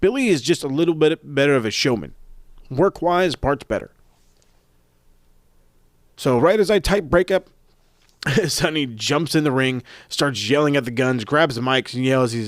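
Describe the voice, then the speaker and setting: A man's voice: medium pitch, animated, normal speed, pauses often, no echo. Give me a man with a casual, profane podcast voice, dry and close, rambling and correcting himself. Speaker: podcast host reviewing wrestling events. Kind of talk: casual chat.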